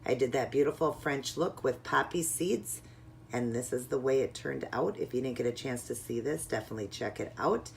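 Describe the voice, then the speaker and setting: A woman's voice: extremely low pitch, moderate pace, gravelly, slight background noise. A woman narrating a casual, step-by-step nail art tutorial at home in a chatty, instructive way.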